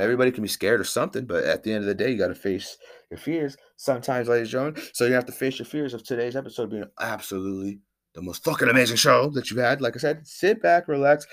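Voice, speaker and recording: A man hosting his own podcast alone, talking in a rambling, profane, hyped-up way. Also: medium pitch. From Northern California. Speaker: podcast host. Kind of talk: casual solo podcast monologue.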